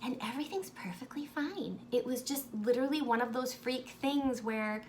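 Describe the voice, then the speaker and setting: A woman's voice: high-pitched, expressive, moderate pace, a little hiss or hum. A woman chatting casually to camera as a cross-stitch vlogger, gushing and sentimental, with lots of ums. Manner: gushing, sentimental, warmly grateful.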